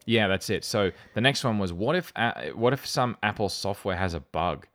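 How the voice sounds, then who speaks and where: A man's voice: lowish voice, lively intonation, moderate pace, fairly bright tone. A man hosting a casual podcast, reading out excerpts with wry, dry sarcasm. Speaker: podcast host.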